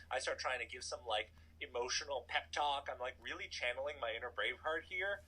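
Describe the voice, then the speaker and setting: A man in his thirties telling a personal story in a casual, animated way, full of "like" and asides. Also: mid-range voice, brisk, few pauses, husky, poor audio. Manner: animated, chatty, filler-heavy "like". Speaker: storytelling guest.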